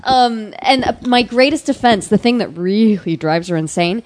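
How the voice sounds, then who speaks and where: Woman cohost, lively bouncy voice, kinda high, tells stories with laughs. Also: moderate pace. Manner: animated, laughing storyteller. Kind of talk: casual chat.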